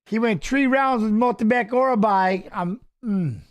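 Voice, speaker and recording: High-pitched guy doing loose watch-along fight commentary, rambly, mutters to himself. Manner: rambling, muttered asides and quick stat reading. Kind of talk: casual live commentary while watching fights.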